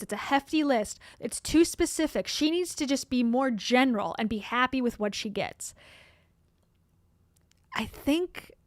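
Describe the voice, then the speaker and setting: Woman host, chatty and candid, slightly high voice, dry booth sound. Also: dry recording. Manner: chatty, candid, laughs often. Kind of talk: casual commentary on online videos.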